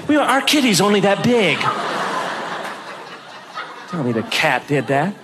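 A man's voice: high voice, sing-song, unhurried, noisy background. A male stand-up comedian telling a story, acting out scenes in a mock-stern parent voice.

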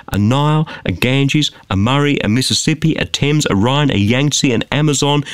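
A man's voice: mid-range voice, no echo. A man preaching a sermon from a studio, emphatic and full of rhetorical questions. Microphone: close studio mic.

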